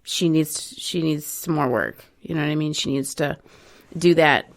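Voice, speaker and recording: A woman's voice: low-pitched, normal speed. A woman hosting a casual recovery radio talk show, talking conversationally with frequent fillers.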